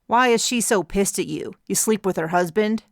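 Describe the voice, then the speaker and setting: Wry male crewman, voiced by a woman narrator, teasing and blunt, gravelly tone. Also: medium pitch, moderate pace, no echo, studio quality, natural voice. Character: wry, loyal male crewman, gruff humor.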